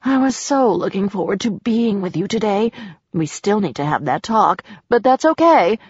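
A woman's voice: mid-range voice, big pitch swings, normal speed, darkish tone, slightly rough, dry recording, dull audio. Woman voicing a creepy possessive stalker man. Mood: wheedling. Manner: creepy and possessive, turning to snarling rage. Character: obsessive menacing male stalker client.

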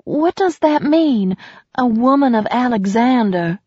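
A frank, earnest woman therapist, speaking with calm directness, as the woman narrator reads her. The audio is dry and slightly muffled. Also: on the high side, measured pace, breathy edge, no echo, pitched above the performer's own voice. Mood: curious.

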